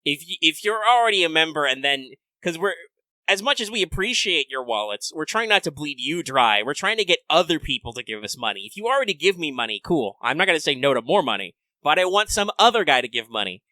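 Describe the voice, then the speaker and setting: A man's voice: on the high side, quick pace, dry recording. A man co-hosting a casual gaming podcast, joking and ranting with plenty of profanity. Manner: animated, profane, joking rants. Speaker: podcast co-host.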